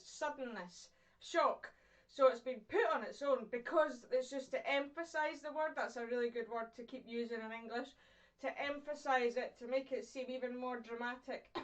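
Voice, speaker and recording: A Scottish woman, an English teacher, gives a chatty, encouraging online poetry lesson, asking questions and pausing for her pupils. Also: a little high, recorded from a distance, low-quality recording.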